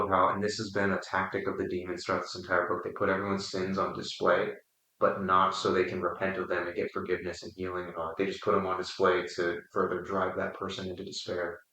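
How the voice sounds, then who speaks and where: A man leading a casual book discussion, explaining his thoughts carefully with frequent pauses. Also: deep voice, sharp tone. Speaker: book study discussion leader. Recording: roomy, distant mic.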